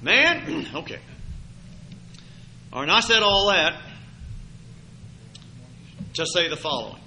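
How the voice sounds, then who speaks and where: A man preaching a sermon to a congregation in church, his throat sore and scratchy, rising from quiet talk to loud emphatic preaching. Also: fairly high pitch, lively intonation, a little slow.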